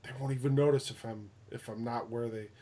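A man's voice: medium pitch, fairly even intonation, brisk, mellow, lightly acted. A man voicing his sneaky male house cat, who muses slyly to himself as he slips away.

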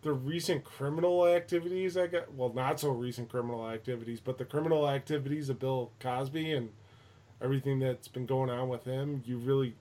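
A man's voice: mid-range voice, steady tone, brisk, mellow. A man hosting a casual chat, telling an anecdote with rambling restarts, fillers and swearing.

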